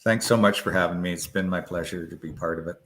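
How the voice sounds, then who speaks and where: A man with a very deep, low voice speaks as a guest over a video call. He is calm and plainspoken, polite in his replies. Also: fast. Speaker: guest, charity founder. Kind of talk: casual interview.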